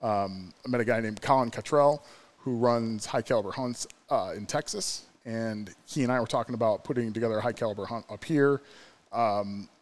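A man's voice: medium pitch, moderate pace. A man from New York State, a podcast guest, telling stories in casual chat, rambling with lots of fillers.

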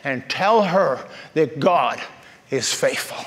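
Brief: man voicing a generous stranger, low and slow, solemn, in a hall with reverb. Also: animated. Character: calm, kind male stranger giving money.

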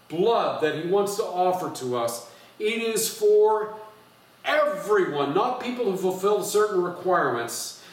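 A male pastor delivers a sermon in an emphatic, teaching manner, pausing on fillers and restarting phrases. His voice sits a little high for a man. He is heard from some distance in a strongly echoing church hall. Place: church sanctuary. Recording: echoey church hall from far off. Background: strong room echo.

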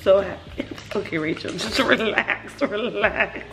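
A woman's voice: lowish voice, animated, normal speed, music in the background, poor audio. A young woman vlogging in a casual chat, emotional and close to tears. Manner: emotional, tearful, laughing.

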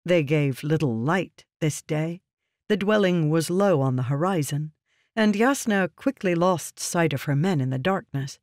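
A man narrating a fantasy novel in a steady, measured storytelling manner. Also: fairly high pitch, dry recording, clean studio sound. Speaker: audiobook narrator.

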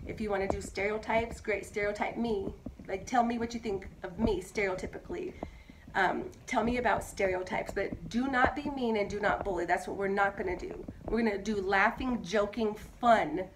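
A woman in her thirties, a mother who sounds hoarse from bronchitis, talking in a chatty, emphatic way and repeating herself in a casual monologue. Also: medium pitch, normal speed, background noise. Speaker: mother vlogging.

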